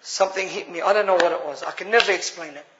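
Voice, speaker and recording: Addressing a gathering as brothers, a man with an Australian accent gives an earnest personal testimony. His voice is high and fast, with a crowd in the background of the dull, lo-fi recording.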